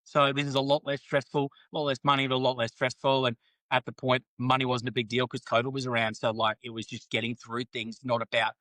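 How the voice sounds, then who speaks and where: A man talks at a brisk clip, blunt and full of swearing, slipping into the voices of the people in his anecdotes. His middling voice sits close and dry on the mic. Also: mid-range voice, level tone, sharp tone, no room sound, rough recording. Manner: candid, sweary, quotes others in banter. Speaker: podcast guest. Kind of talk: casual storytelling interview.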